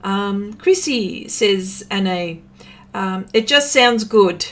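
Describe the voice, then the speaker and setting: Very slow and expressive, this Australian woman's voice is medium-pitched with a fairly bright tone. Hosting a livestream, she paints and chats casually, reading viewer comments aloud and using many fillers.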